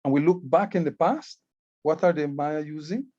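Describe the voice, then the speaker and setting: A Belizean-accented man talks through a presentation on ancient glyphs, earnest and patient, often doubling back on his words. His voice sits a little high for a man. The sound is dry and somewhat dull, like a close mic with muffled highs. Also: moderate pace, dark tone, dry recording. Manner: earnest, repeats words while explaining. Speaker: Maya writing club educator and guide. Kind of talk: presentation explaining hieroglyphs.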